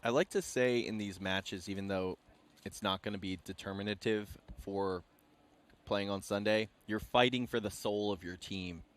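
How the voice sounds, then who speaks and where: A man from Rhode Island doing live play-by-play commentary, calling the action quickly and energetically. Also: on the low side, steady tone. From Rhode Island, US Northeast.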